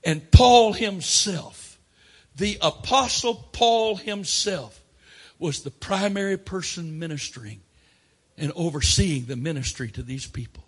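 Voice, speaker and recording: A man preaching a sermon, swinging between loud emphatic declarations and quiet asides. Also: on the high side, lively intonation, a little slow, breathy edge.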